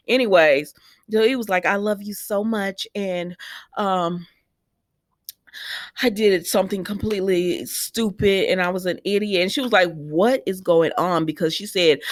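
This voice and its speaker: A woman's voice: on the low side, no room sound, studio quality. A woman casually recapping a soap opera episode, quoting the characters and talking back at them with plenty of fillers. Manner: chatty, retells scenes quoting characters, talks back at them.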